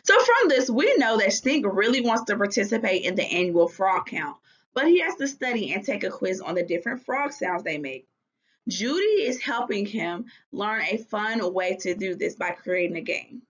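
A woman's voice: mid-range voice, very animated, normal speed. A woman teacher giving a recorded reading lesson, patiently asking guiding questions. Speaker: third grade teacher. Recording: dull lo-fi recording.

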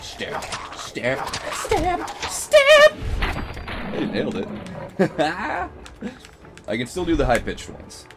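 A man with a sick voice giving casual, excitable commentary over his gameplay, swearing and shrieking high-pitched battle cries. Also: takes it slowly, long pauses, very noisy. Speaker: gaming video host.

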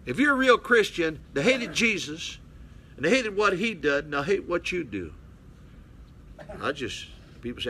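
Older male pastor, blunt folksy preacher, bright and slightly high voice, faint hiss behind. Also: big pitch swings, normal speed. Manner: blunt, calls out to listeners. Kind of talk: folksy preaching Bible study. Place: small mission hall.

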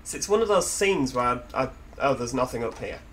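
Yorkshire bloke doing chatty jokey game commentary, normal mid voice, bit of faint hiss behind. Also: male voice, medium pitch, lively intonation, fairly quick, fairly bright tone. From Yorkshire, England. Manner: chatty, jokey, self-mocking asides. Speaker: gaming video host. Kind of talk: casual gameplay commentary.

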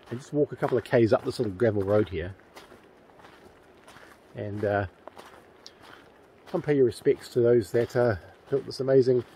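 A man with a New Zealand accent talks straight to camera outdoors, chatty and enthusiastic, wandering off into fillers and restarts. His voice is mellow and relaxed, with a faint hiss of outdoor noise and a vehicle now and then in the background. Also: medium pitch, rough recording. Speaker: paranormal vlogger. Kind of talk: casual outdoor vlog. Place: outdoors by a railway tunnel in the bush.

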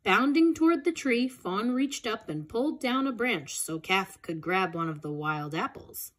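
A woman reading a children's picture book aloud in a gentle, expressive way. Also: medium pitch, measured pace, few pauses. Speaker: storybook reader.

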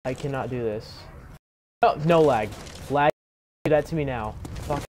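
A young man giving live commentary on a game from his own room. He swears constantly and bursts into startled yelling. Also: medium pitch, unhurried, slight background noise. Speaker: gameplay commentator.

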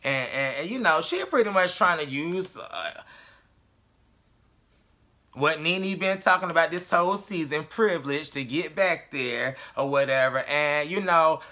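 A man's voice: on the high side, measured pace, sharp tone. A man recapping a reality show in a blunt, casual, profane way, with many fillers. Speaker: reality TV reviewer.

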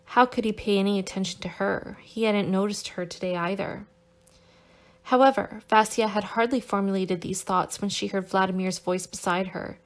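Steady woman reading a novel aloud. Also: medium pitch, moderate pace. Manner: steady, careful reading with occasional small self-corrections. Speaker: audiobook narrator. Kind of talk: scripted novel narration.

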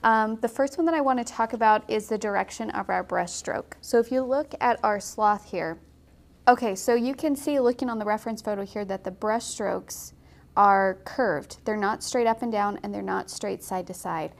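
A young woman giving a casual, chatty watercolor painting tutorial, encouraging and quick to laugh. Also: medium pitch, vocal fry. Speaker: watercolor instructor.

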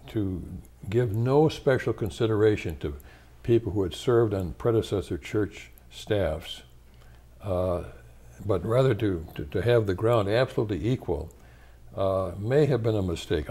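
An older American man, a retired church leader, answers interview questions in a measured, thoughtful way, pausing often and restarting his sentences. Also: fairly low pitch, warm tone. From United States.

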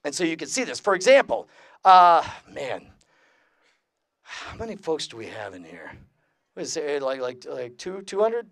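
A man's voice: fairly high pitch, big pitch swings, moderate pace, vocal fry, long pauses, a bit bright, no echo. A man giving a comedic skeptic lecture to a live convention audience of a couple hundred people. He talks with energy, polls the crowd, and laughs at his own jokes. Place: large convention room with about two hundred people.

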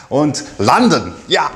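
A man's voice: a little high, a little hiss or hum, heavily acted. A man playing a giggly, eccentric foreign professor who speaks broken English, recorded in an echoey room. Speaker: comic character. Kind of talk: comic character monologue.

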